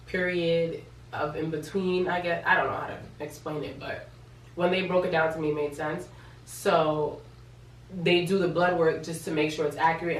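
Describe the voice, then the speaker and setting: A pregnant young woman in a casual vlog, retelling her story in an animated, chatty way with lots of quoted dialogue. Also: sits low, roomy sound, recorded from a distance, slight background noise, poor audio. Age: young adult. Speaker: vlogger.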